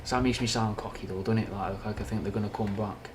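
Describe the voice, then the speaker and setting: A man's voice: fairly low pitch, steady tone, quick pace, noisy background. A young man with a Mancunian accent and a slight Scouse twang, chatting frankly and rambling through viewers' questions, using slang and swearing. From Manchester, England. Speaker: livestream host answering chat. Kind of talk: casual livestream chat.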